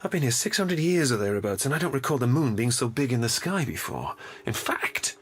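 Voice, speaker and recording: A vague, rambling ancient time traveller. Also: male voice, medium pitch, big pitch swings, a little fast, a bit bright. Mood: thoughtful. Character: absent-minded ancient male time traveller.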